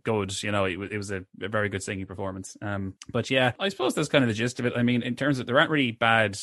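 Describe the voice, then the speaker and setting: A man's voice: lowish voice, fairly even intonation, quick pace, a bit bright, no room sound, clean studio sound. A man co-hosting a film review podcast, talking casually with many hesitant restarts. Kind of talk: casual chat.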